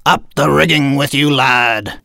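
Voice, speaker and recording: A woman voicing a gruff, stern but kindly male pirate captain in a read-aloud storybook. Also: rumbling low, measured pace, a bit bright, no echo, clean studio sound, heavily acted.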